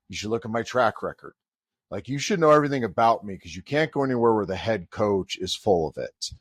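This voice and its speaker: Speaking in a fairly low voice, a middle-aged college volleyball head coach recounts a story in a podcast conversation. He brings quoted dialogue to life by acting it out, and the studio sound is clean and free of echo.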